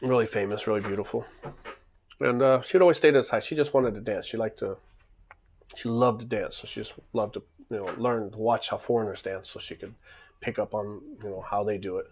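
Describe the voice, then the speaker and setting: A man's voice: lowish voice, steady tone, fairly quick, a little mellow, slight background noise. A man casually telling a rambling story, acting out the back-and-forth.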